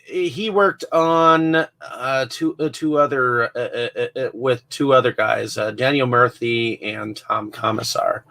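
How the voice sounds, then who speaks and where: A man's voice: mid-range voice, a little slow, vocal fry, hardly any pauses, sharp tone. A man hosting an interview, asking questions hesitantly with many fillers, set back from the mic. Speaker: interview host.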